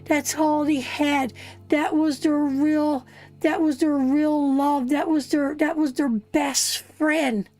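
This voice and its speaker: A woman's voice: sits high, flat delivery, takes it slowly, darkish tone, faint music behind. A woman from Canada giving an emotional live tarot reading, talking straight to her viewers in a heartfelt way. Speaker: tarot reader hosting a live stream.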